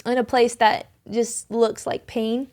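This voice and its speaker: A young woman with a slightly high voice tells a personal faith story as a podcast guest. She talks earnestly and loosely, doubling back on her words and filling the gaps with ums and likes. Her tone is sincere and conversational, recorded in a studio. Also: little pitch movement, slow, darkish tone. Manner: earnest, rambling with many restarts and fillers.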